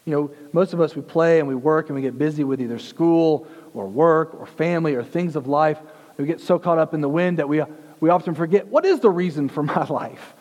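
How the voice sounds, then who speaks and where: A fairly high-voiced man preaches a conversational sermon as the pastor, doubling back and repeating words as he explains. His voice rings with the long reverb of a church hall. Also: steady tone, fairly quick, a little mellow, muffled recording. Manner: conversational teaching with frequent restarts. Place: church sanctuary.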